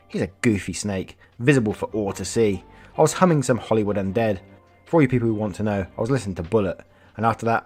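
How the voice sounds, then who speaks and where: A man's voice: on the low side, husky. A man reading online stories aloud as a YouTuber, casual, swearing, breaking off to react and comment. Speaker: storytelling YouTuber.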